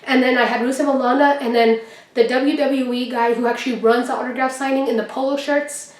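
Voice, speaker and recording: A young woman vlogger telling a story in a casual, excited way, acting out what people said. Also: high voice, a little fast, far from the mic. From Texas. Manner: excited, chatty, acts out quotes. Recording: echoey room, mic set back.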